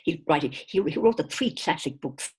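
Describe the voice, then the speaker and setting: An older Irish woman teaching informally to an online audience, lively and quick to laugh, calling her listeners lads. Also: sits low, slight background noise. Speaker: teacher and singer of chants. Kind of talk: warm informal online talk.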